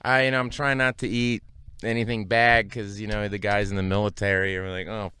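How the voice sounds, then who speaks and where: A man's voice: lowish voice, flat delivery, a little fast, sharp tone, clear, resonant tone. A man chatting as a podcast guest, rambling and self-deprecating with many restarts. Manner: rambling, self-deprecating, lots of restarts and "you know what I mean". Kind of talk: casual chat.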